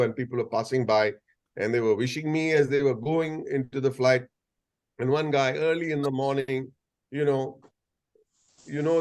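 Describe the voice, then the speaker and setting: A man in his sixties with an Indian English accent speaks as a guest over a video call, entertaining his audience with playful anecdotes, jokes and asides. His mid-range voice has a slightly mellow quality.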